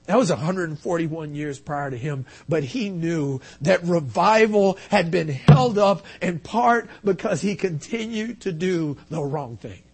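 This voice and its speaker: A man preaching a sermon as pastor, telling a personal story in an earnest, confessional way and swinging from hushed to loud. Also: fairly high pitch, expressive, measured pace, few pauses, husky.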